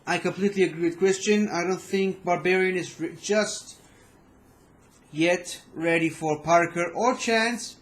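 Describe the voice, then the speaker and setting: A man's voice: sits high, measured pace. A man giving casual, somewhat hesitant reaction commentary on a match. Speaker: reaction video host.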